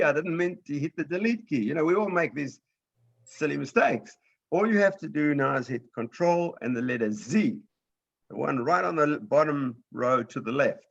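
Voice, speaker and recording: A man's voice: on the high side, vocal fry, highs cut off. A man teaching a beginners' computer class, explaining step by step patiently and often checking in with "right?".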